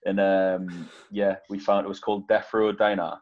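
A man's voice: sits low, level tone, normal speed. A man hosting a podcast, chatting casually and easygoing with chuckling reactions. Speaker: podcast host. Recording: dull lo-fi sound.

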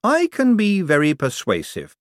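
A breezy, smooth-talking conman works his charm in an audiobook reading, voiced by a man. The voice sits well above the narrator's own, lively in pitch, close and dry. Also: moderate pace, no room sound. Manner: breezy, persuasive.

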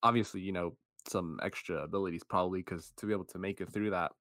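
A man with a fairly low voice co-hosting a movie podcast, recorded dry and close. He talks loosely, with fillers and easy chuckles, as he walks through the plot. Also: fast, dry recording. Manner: relaxed, chuckling, uses many fillers. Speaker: podcast co-host. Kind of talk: casual movie review chat.

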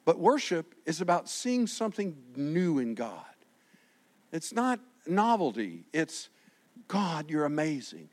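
A pastor preaching a lively sermon, acting out the quotes he reads and swinging from shouts to quiet asides. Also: fairly high pitch, takes it slowly. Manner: animated, swings from shouting to soft, acts out quotes.

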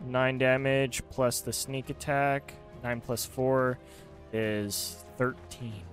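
A man's voice: mid-range voice, little pitch movement, takes it slowly, faint music behind. A man playing a tabletop game, asking hesitant questions with fillers. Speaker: player. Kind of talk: casual tabletop play.

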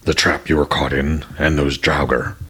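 A man's voice: very deep voice, flat delivery, a little slow, bright, forceful tone, slightly rough, voice pushed down, heavily acted. A man voicing a troubled male king of the gods, speaking grimly and shaken in a storybook reading. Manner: grim, shaken.

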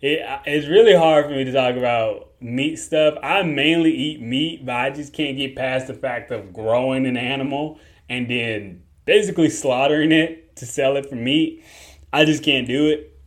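A man's voice: mid-range voice, moderate pace. A man hosting a podcast, talking casually and joking, often holding back laughter as he gives farming advice. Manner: laid-back, joking, chuckles through lines. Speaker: podcast host. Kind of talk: casual solo podcast talk.

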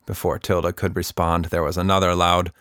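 A man narrating a children's story in a calm, expressive way. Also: deep voice, a little fast, dry recording, clean studio sound.

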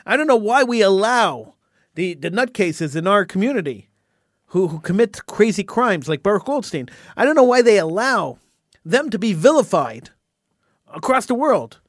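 A man with a high, lively voice holds forth on his talk radio show, indignant and stumbling over repeated words as he builds steam. The sound is dry and close, with no room around it. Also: dry recording. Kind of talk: impassioned talk radio monologue.

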